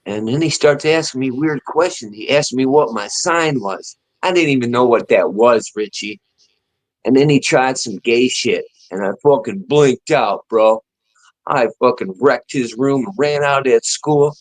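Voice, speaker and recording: A man's voice: medium pitch, a little slow, rough recording. A man co-hosting a casual chat show, telling a long profane anecdote with frequent laughter.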